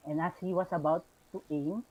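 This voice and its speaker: A man's voice: fairly high pitch, steady tone, brisk, phone-quality sound. A man with a Filipino accent narrating a tabletop game as game master, with many fillers, switching between English and Tagalog.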